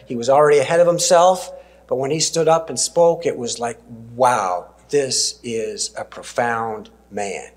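A man, preaching a sermon and telling stories earnestly, slowing down and dropping to a near-whisper for emphasis. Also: a little high. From Canada.

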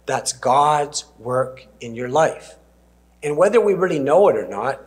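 A man, preaching a sermon and telling stories earnestly, slowing down and dropping to a near-whisper for emphasis. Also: medium pitch. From Canada.

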